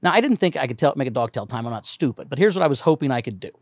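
A man from Indiana, a comedian, telling a story in casual podcast chat. He is animated, swears freely and acts out voices. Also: mid-range voice, racing, no echo, studio quality.

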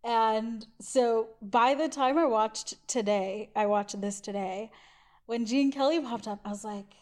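Chatty, self-deprecating woman co-host with a higher voice. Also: a little slow, a little mellow. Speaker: podcast co-host. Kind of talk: casual chat.

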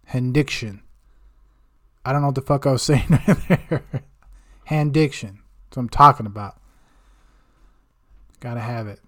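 A male podcast host riffing in a loose, unscripted monologue. He rambles and jokes at his own expense, with swearing in nearly every sentence. His voice sits at a middle pitch for a man. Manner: rambling, swears a lot, self-mocking. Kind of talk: casual profane monologue.

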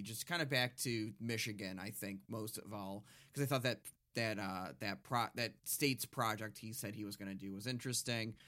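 Hesitant young man, bright tone. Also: mid-range voice. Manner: hesitant, many fillers, reflective. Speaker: podcast co-host. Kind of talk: casual podcast chat.

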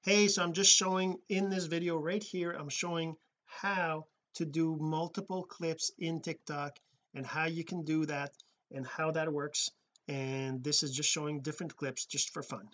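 A man's voice: on the high side, sharp tone. A man giving a casual tutorial at his home computer setup, rambling and correcting himself as he goes. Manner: rambling, self-correcting, many fillers. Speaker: tutorial host. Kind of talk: casual screen-recorded tutorial.

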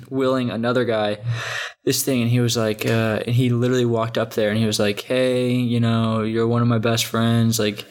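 A man's voice: medium pitch, little pitch movement, normal speed. A young man telling a funny story in casual chat, laughing often and filling his talk with "like" and "dude".

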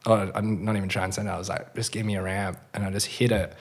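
A man's voice: on the low side, flat delivery, fast, slightly rough. A man, casually telling a surfing story in a laid-back way, swearing freely and acting out what people said. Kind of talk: casual chat.

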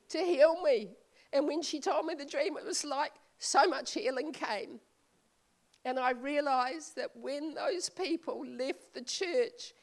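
Woman preacher, sermon, slow heartfelt delivery, higher voice. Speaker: visiting preacher.

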